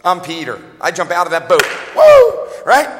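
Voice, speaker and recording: A man in his forties preaching a revival sermon, lively and joking, often laughing and calling out to the congregation. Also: a little high, a little fast, long reverb tail, slight background noise. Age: 40s.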